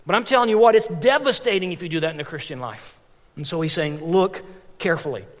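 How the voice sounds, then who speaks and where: High-pitched male pastor, lively storytelling sermon, long church-hall reverb. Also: quick pace. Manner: animated, storytelling with frequent restarts and repetitions.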